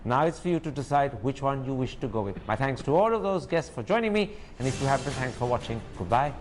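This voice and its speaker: A man anchoring a TV news debate, sardonic and quick to interrupt his guests. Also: mid-range voice, animated, faint music behind. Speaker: TV debate host. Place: TV studio.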